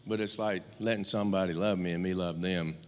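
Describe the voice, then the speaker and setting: A man's voice: sits low, steady tone, fairly quick, slight background noise. A middle-aged man from rural Georgia giving a eulogy for his older brother, telling candid stories with humor and many fillers. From rural Georgia, US South. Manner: candid, joking storyteller with many fillers and restarts. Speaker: eulogist, younger brother of the deceased. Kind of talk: eulogy at a memorial service. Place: church sanctuary. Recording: long church-hall reverb.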